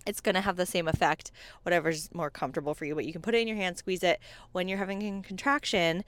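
A woman's voice: on the low side, steady tone, fast talker, no room sound. A pregnant woman in her thirties hosting a casual solo podcast, chatty, saying "like" often and laughing between phrases. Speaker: podcast host.

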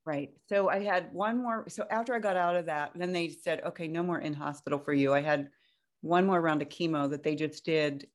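A woman guest telling a personal story in a casual, animated way, jumping up high when she quotes herself. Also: brisk. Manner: animated, breaks into high-pitched quoted outbursts.

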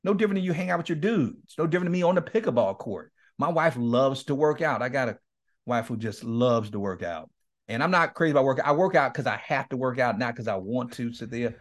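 Animated man telling stories, laughing often. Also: mid-range voice, quick pace. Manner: animated, laughs often, acts out quoted dialogue. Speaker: guest speaker and men's ministry leader. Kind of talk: candid storytelling in a podcast interview.

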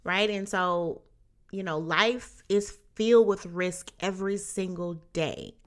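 A woman's voice: medium pitch, takes it slowly. A young adult woman hosting a motivational podcast, talking earnestly and encouragingly and often checking in with "right?". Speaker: podcast host.

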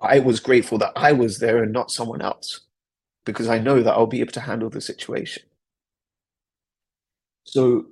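Here a man hosting a podcast speaks in a mid-range, darkish voice with a breathy edge. It's a personal, motivational story, delivered earnestly and reflectively, with lots of repetition.

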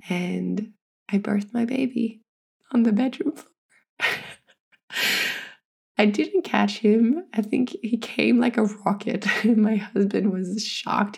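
A woman's voice: medium pitch, steady tone, slow pace, creaky, a little mellow. A pregnant woman frankly telling her own birth story, earnest and swearing freely. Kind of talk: candid personal storytelling.

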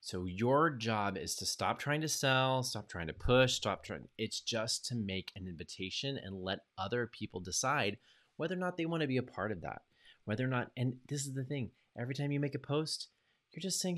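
A man hosting a solo podcast, speaking in an energetic coaching tone and acting out little quoted asides. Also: medium pitch, moderate pace. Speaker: podcast host.

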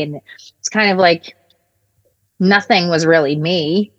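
A woman's voice: fairly low pitch, slow pace, long pauses, no room sound. A woman co-hosting a casual conversation, reflective and affirming. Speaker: podcast co-host.

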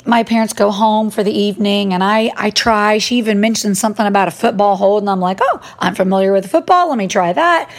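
A middle-aged woman telling a personal story in a lively, self-mocking way, acting out what people said. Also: medium pitch. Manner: animated, self-mocking storytelling with acted-out quotes. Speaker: mom vlogger. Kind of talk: storytelling monologue.

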